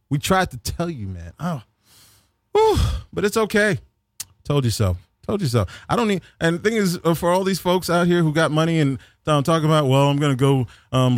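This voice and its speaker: A man with a slightly high voice gives a mocking, comedic political rant, rambling with lots of fillers and restarts and putting on voices for the people he quotes. The recording is studio quality with no echo.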